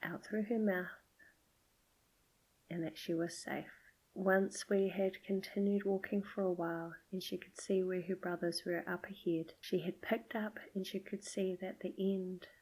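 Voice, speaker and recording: A middle-aged woman hosting a podcast, gently telling a personal story in a soft, often half-whispered voice. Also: lowish voice, little pitch movement, unhurried, rough recording. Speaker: podcast host.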